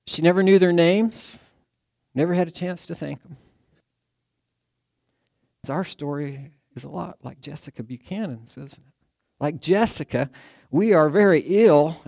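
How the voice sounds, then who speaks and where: A man preaching a sermon, telling a rescue story in an earnest storytelling way that sinks to a hush at the tense moments. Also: on the high side, no echo, studio quality. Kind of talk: sermon illustration told as a dramatic story.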